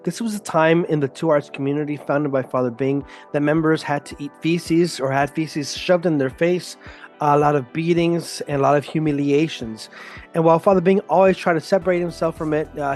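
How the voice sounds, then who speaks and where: A man's voice: on the high side, fairly even intonation, a little fast, darkish tone, faint music behind. A man hosting a solo podcast, talking in a blunt, emphatic way and swearing openly. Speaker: podcast host. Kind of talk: casual solo podcast monologue.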